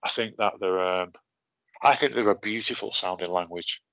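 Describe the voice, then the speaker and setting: A man's voice: fairly low pitch, moderate pace, vocal fry, fairly bright tone, no echo, muffled recording. A man hosting a podcast, effusive and chatty, constantly calling his guest mate. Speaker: podcast host. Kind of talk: casual conversation.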